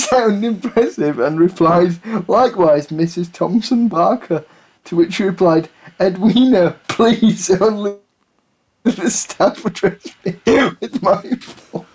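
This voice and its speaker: A man's voice: high-pitched, darkish tone. A man reading a listener's story aloud on a comedy podcast, laughing at it as he goes. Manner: giggly, keeps breaking into laughter.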